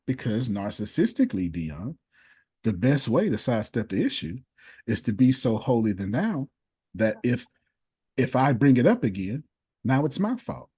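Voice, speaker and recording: A man's voice: medium pitch, a little mellow, breathy edge. A man coaching a group in an emphatic, preachy manner, using casual, conversational grammar and repeating his points for effect over a video call. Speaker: motivational speaker and business coach. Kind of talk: animated live coaching session.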